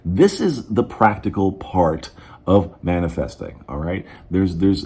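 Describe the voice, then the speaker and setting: A man coaching viewers on manifestation in an advice monologue, animated, checking in with "okay?" and acting out the quotes. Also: breathy edge. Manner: animated, acts out quoted texts in a higher voice; repeats "okay?" to check in with listeners.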